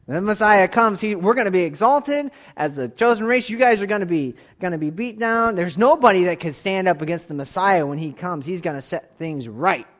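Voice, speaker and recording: A man in his thirties leading a church class, telling a story in a relaxed way, with soft asides and emphatic bursts. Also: high-pitched, fairly quick, few pauses. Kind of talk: sermon-style Bible lesson.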